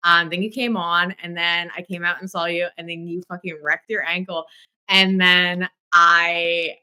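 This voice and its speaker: A woman hosting a podcast in casual chat, telling a story with lively acted-out quotes and plenty of swearing. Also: lowish voice, measured pace, clear, resonant tone. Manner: animated storyteller, acts out quotes, swears freely. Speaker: podcast host.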